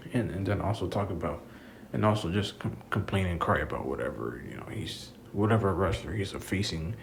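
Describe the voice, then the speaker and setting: Ranting, low-voiced man. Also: vocal fry, a little hiss or hum, low-quality recording. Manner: frustrated, rambling, swears freely. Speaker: wrestling commentator vlogger. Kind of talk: casual ranting review.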